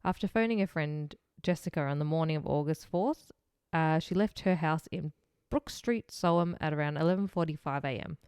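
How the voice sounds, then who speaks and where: A woman's voice: low voice, normal speed, few pauses, a little mellow, clear, resonant tone, no echo, clean studio sound. A young woman co-hosting a true-crime podcast, chatty, laughing often and swearing casually. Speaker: podcast co-host.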